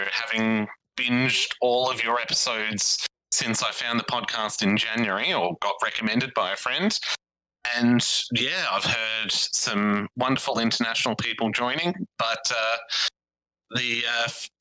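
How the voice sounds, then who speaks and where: A man's voice: mid-range voice, unhurried, sharp tone, low-quality recording. A young Australian man guest-hosting a podcast quiz, easygoing and self-deprecating, on a video call from home. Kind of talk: casual podcast chat.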